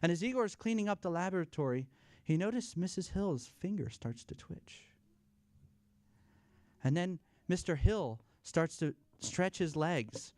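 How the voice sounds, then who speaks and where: A man telling corny jokes and a long shaggy-dog story at a church family night, playful and self-deprecating, pausing for laughs. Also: high-pitched, expressive, a little mellow, no echo. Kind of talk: stand-up style corny jokes. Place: church fellowship event, live.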